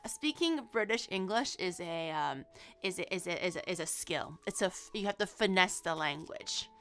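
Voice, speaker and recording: Bright-voiced chatty woman streamer. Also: fairly low pitch, lively intonation, soft background music. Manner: chatty, quick asides with frequent restarts and laughter. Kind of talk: casual live-stream chat.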